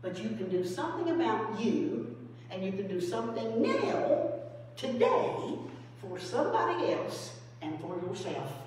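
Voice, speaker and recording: A woman's voice: sing-song, unhurried, darkish tone. A woman pastor preaching a folksy sermon, telling stories and acting out phone calls and quotes. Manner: storytelling, acts out phone calls and quotes in a high voice. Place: church sanctuary. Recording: very echoey hall from far off with faint hum.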